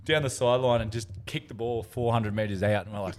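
A man's voice: medium pitch, fairly quick. A man, co-hosting a podcast in casual chat and telling stories full of swearing. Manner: swearing, animated storyteller. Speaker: podcast co-host.

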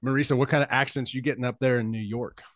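A male podcast host who tells loose, rambling stories and swears freely, at a middling pitch. His voice is dry and close to the mic. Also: fairly even intonation, fast, fairly bright tone, no echo. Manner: rambling storyteller, swears freely, laughs often. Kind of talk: casual podcast chat.

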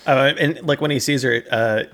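A man's voice: medium pitch, moderate pace, a bit bright. A man with kids, chatting and laughing a lot while recapping a movie, often restarting his sentences. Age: adult parent. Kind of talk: casual comedic movie recap chat.

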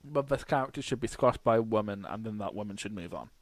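A man's voice: lowish voice, expressive, fast, no echo. A man from the UK co-hosting a podcast, telling rambling anecdotes in casual chat and swearing freely. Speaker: podcast co-host.

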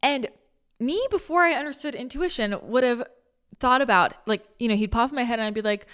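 Rambling, animated woman host, fairly high voice. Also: brisk, clear, resonant tone. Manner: animated and rambling, with frequent restarts, laughter and casual swearing. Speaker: spiritual channeler and podcast host. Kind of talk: casual spiritual chat.

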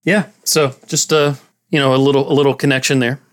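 A man's voice: medium pitch, flat delivery, brisk. A man co-hosting a movie podcast, casually reading out film facts and laughing often. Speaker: podcast co-host.

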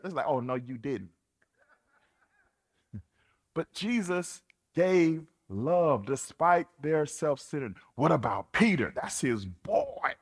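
A man preaching a sermon in an animated, colloquial, playful way. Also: a little high, slow pace, breathy edge. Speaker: pastor.

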